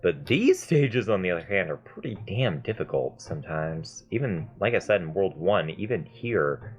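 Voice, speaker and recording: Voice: deep voice, sing-song, normal speed, a little mellow, husky, highs cut off. A gamer in their mid twenties giving chatty, self-mocking gameplay commentary and swearing freely. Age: mid 20s. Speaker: gaming video host.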